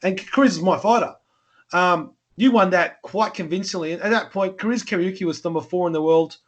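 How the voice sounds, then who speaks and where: Aussie guy hosting a podcast, highish voice, rambly and loose, swears. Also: a little fast. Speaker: podcast host. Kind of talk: casual podcast interview.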